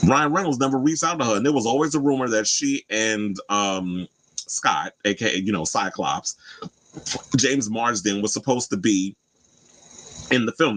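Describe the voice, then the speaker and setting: A man hosting a casual celebrity gossip commentary, chatty and animated, jumping up in pitch for emphasis. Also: poor audio. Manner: animated, chatty, swings high for emphasis and quoted asides. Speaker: host.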